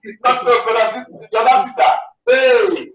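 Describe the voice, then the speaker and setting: A high-pitched man leads an impassioned prayer sermon, calling again and again for mercy in a flat, steady tone. He is heard from a distance in a very echoey church hall, and the recording sounds muffled. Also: moderate pace, a little hiss or hum. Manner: impassioned, repetitive pleading calls to repent. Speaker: pastor.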